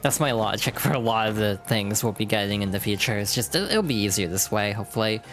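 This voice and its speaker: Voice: mid-range voice, animated, fast talker, few pauses, soft background music. A streamer casually commenting while playing a video game, with chatty, self-correcting asides.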